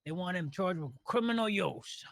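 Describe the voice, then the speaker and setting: Brief: man playing a cop, high and gravelly voice, halting report, dry close sound. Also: lively intonation, dry recording. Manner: hesitant, full of "uh", matter-of-fact. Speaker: police officer roleplayer. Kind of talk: in-character police report.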